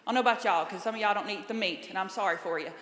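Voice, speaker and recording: A woman's voice: mid-range voice, very fast, a bit bright, slight background noise. A woman in her thirties from North Carolina with a Southern accent, doing a playful, self-mocking stand-up comedy set. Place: comedy club stage. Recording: roomy club with long reverb.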